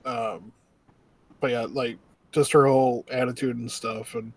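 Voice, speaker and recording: A man's voice: mid-range voice, flat delivery, measured pace, dry recording, rough recording. Hesitant man in a dry room. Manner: hesitant, many fillers, trailing off quietly. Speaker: podcast co-host. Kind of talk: casual review chat.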